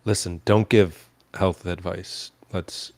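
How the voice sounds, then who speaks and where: A man in a casual chat, speaking calmly and explaining things with dry remarks. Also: low-pitched, slow, dry recording.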